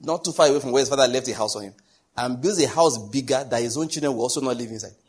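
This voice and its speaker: A man's voice: mid-range voice, racing, slightly rough. A middle-aged Nigerian man preaching a sermon, telling stories and acting out the dialogue. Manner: animated storytelling, acting out dialogue.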